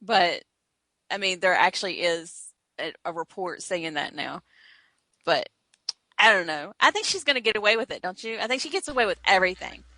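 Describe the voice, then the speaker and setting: A woman's voice: fairly low pitch, expressive, moderate pace, pushed and bright, no echo. A Southern woman co-hosting a podcast, chatty and opinionated, often laughing. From American South. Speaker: podcast co-host. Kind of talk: casual chat.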